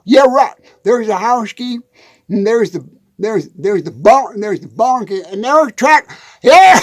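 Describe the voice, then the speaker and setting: A man with a husky, slightly breathy voice and a drawl, joking his way through a loose country comedy ramble. He laughs through his sentences and trips over words. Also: extremely high pitch. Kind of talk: rambling comic monologue. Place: hot dusty shed.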